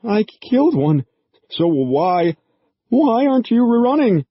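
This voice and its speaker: A man's voice: very high voice, sing-song, slow, no room sound, voice pushed up, full character voice. A scrawny office worker falls apart in terror, whimpering and pleading in a voice pushed well above its natural register, acted by a man. The audiobook recording is dry and a little dull. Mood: panicked whimpering.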